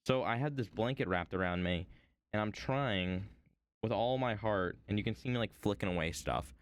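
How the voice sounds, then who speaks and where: A man's voice: on the low side, moderate pace, smooth, no room sound, studio quality. A man streaming himself woodcarving at home, chatting to viewers in a rambling, playful way. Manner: rambling, playful, talks to chat. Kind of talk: casual chat while woodcarving.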